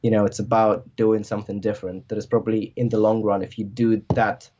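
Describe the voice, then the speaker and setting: A man's voice: on the low side, little pitch movement, a little fast, warm tone, a little hiss or hum. A man chatting casually as a podcast guest, rambling and filling his talk with "like". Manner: rambling, filler-heavy, lots of "like". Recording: dull lo-fi audio.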